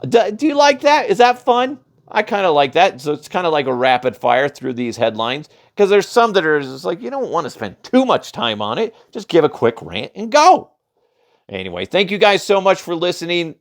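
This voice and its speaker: A man hosting a podcast, ranting casually and profanely through funny news headlines, often stumbling and restarting. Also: a little high. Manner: rambling, profane, laughs at own jokes, does mocking voices. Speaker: podcast host. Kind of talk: casual comedic headline rant.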